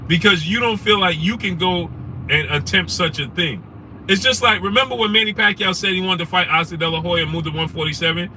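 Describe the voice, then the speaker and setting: A slightly fast, high-leaning male voice comes from a sports talk show host ranting in a noisy car. Animated and casual on his live stream, he reads names from the chat and fires off the same rhetorical questions repeatedly.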